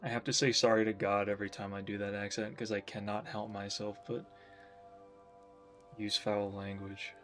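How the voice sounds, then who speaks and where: A man's voice: on the low side, flat delivery, moderate pace, fairly bright tone, faint music behind. Rambling jokey male streamer. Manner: rambling, jokey, self-mocking. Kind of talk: casual chat while drawing on stream.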